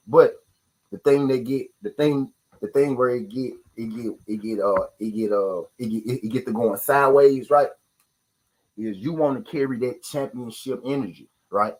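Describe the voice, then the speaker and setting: Husky man ranting about boxing fans. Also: mid-range voice, low-quality recording. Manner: repeats "right?" constantly, profane street slang. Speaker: boxing talk show host. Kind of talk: live-stream casual rant.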